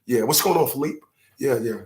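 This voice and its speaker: A man's voice: medium pitch, a little fast, a little mellow. Emphatic man ranting in an echoey room. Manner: emphatic, acts out mock dialogues, laughs at own jokes. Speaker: commentary show host. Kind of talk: animated opinion monologue. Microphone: livestream setup.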